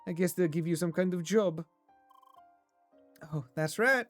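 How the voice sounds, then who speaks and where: A man's voice: high voice, a little slow, fairly bright tone, soft background music, pitched above the performer's own voice. A man doing an upbeat French gamer girl.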